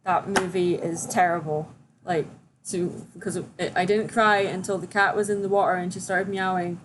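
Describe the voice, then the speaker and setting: A woman's voice: fairly low pitch, fairly even intonation, moderate pace, noisy background. A young woman hosting a casual livestream, chatting and reading viewer questions aloud. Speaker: livestream host.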